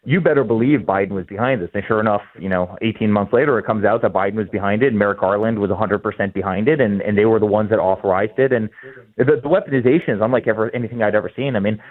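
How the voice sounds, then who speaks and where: A man's voice: lowish voice, steady tone, racing. A man in his forties, the guest in an interview, speaking emphatically and often repeating words as he starts sentences. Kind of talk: fast, heated interview talk. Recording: tinny phone-line sound.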